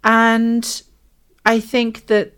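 A woman's voice: fairly high pitch, completely flat delivery, very slow, fairly bright tone, clean tone. A Welsh woman co-hosting a faith podcast, speaking earnestly and reflectively in repeated phrases. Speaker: podcast co-host. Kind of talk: faith-based conversational podcast.

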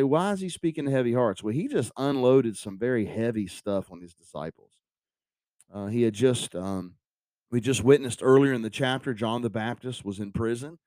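A man's voice: medium pitch, moderate pace, warm tone, no echo. A man preaching an earnest devotional sermon on a podcast, repeating phrases for emphasis.

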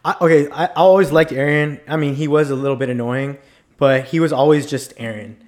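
A man's voice: a little high, fairly even intonation, fairly quick, a little mellow. Laid-back man chatting on a podcast. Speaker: podcast co-host. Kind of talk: casual chat.

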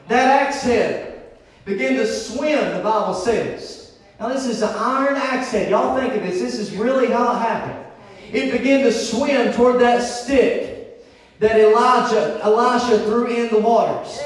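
Fervent high-voiced preacher. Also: male voice. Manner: fervent, rhythmic, repeating phrases. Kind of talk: revival sermon. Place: church sanctuary. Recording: echoey church from far off.

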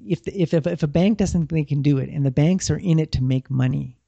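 Man, finance guest, gravelly and very dark, slightly raised pitch, dull lo-fi audio. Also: fairly quick, no echo. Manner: plainspoken, repeats words while thinking. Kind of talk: casual advice talk. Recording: dull lo-fi sound.

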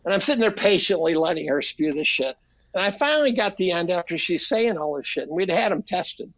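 A man's voice: sits high, fairly quick, no echo, highs cut off. An older man, a podcast guest, telling casual stories, swearing freely and acting out quotes. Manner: animated, profane, acts out quotes. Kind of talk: casual storytelling.

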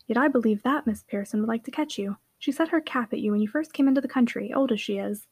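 Dry cutting matron, low-key, played by a woman. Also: fast talker, darkish tone, husky, dry recording.

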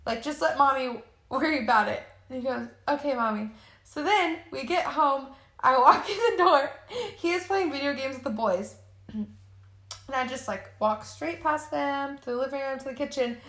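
Lively high-pitched lady podcaster, bright voice, swears a lot, echoey room. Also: moderate pace. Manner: animated, swears often, laughs through her story. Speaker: podcast co-host. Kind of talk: casual chat, storytelling.

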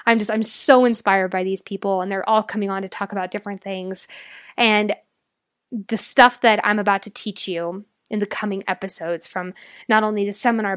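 A woman's voice: medium pitch, dry recording, clean studio sound. A young adult woman hosting a solo podcast as a life coach, speaking in an earnest, emotional, motivational way.

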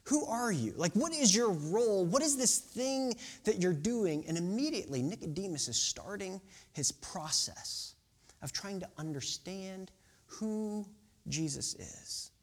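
A man's voice: high-pitched, lively intonation, unhurried. A man in his thirties preaching a sermon in a conversational way, with asides and rhetorical questions. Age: 30s. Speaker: pastor.

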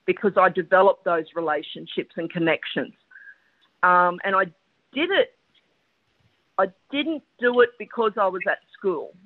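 A middle-aged woman, a guest telling stories about her teaching career in a lively, animated way. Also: fairly low pitch. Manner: animated, lively storyteller with quick laughs. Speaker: podcast guest, educator. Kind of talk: storytelling interview chat. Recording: tinny phone line.

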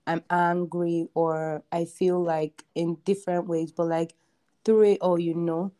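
A young woman guest on a podcast, talking in a relaxed, reflective way with many fillers. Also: on the low side, measured pace. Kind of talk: casual chat.

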